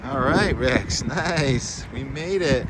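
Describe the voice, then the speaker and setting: A male meteorologist narrates a casual outdoor walk, chatting to his dog between notes on the clouds. His voice sits mid-range and relaxed. Loud wind noise roars across the handheld microphone. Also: mid-range voice, takes it slowly. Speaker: meteorologist and vlog host. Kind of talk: casual outdoor walking vlog. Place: outdoors on a windy coast.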